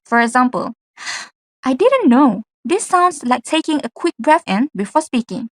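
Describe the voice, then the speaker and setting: A woman's voice: high voice, expressive, moderate pace, fairly bright tone, dry recording. A young woman from Malaysia, a university student, giving a class presentation and reading from slides. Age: young adult. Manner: reads from slides with acted example lines.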